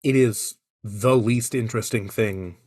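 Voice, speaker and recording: A man co-hosting a podcast, chatting playfully and jokingly, his voice still a little hoarse from illness. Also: fairly low pitch, unhurried, a little hiss or hum. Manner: playful, jokey, animated storytelling. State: recovering hoarse voice. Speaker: podcast co-host. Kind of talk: casual chat.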